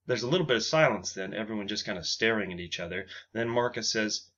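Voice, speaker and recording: A man telling a comic story in a deadpan, offhand way, with casual asides, on a dull lo-fi recording. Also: on the low side, a little fast, hardly any pauses.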